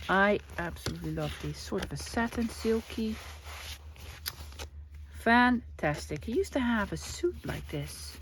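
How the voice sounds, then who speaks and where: A woman's voice: medium pitch, sing-song, measured pace, a little hiss or hum. A woman, chatting casually as she shows off her craft supplies, gushing and exclaiming often. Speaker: craft vlogger. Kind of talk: casual show-and-tell.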